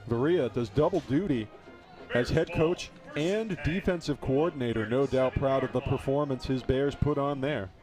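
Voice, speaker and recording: A man doing live play-by-play commentary on a college football game, lively and jokey. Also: mid-range voice, moderate pace, music in the background. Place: outdoor football stadium broadcast booth.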